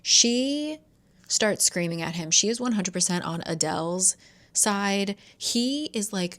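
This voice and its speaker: A young woman with a slightly low voice talks through a thriller she is reading, recapping the plot in a casual, chatty way. She throws in asides and the odd swear word, like she is confiding in a friend. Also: moderate pace, fairly bright tone. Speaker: book vlogger. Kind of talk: casual reading vlog with read-aloud passages.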